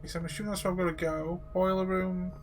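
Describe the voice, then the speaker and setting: A man's voice: high-pitched, level tone, fast talker, soft background music. A man casually commentating a live game stream, joking with viewers. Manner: casual, jokey, addresses viewers.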